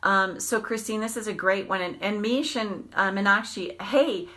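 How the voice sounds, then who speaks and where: A woman's voice: medium pitch, normal speed. A middle-aged woman hosting a live video on tapping, talking candidly and casually, restarting her sentences and swearing mildly as she goes. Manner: candid and animated, with frequent restarts and mild swearing. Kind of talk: casual live-stream talk.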